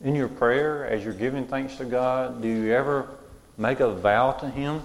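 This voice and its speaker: A man's voice: mid-range voice, normal speed, creaky, long reverb tail, poor audio. A man preaching a sermon in a church, conversational, repeating and restarting his phrases.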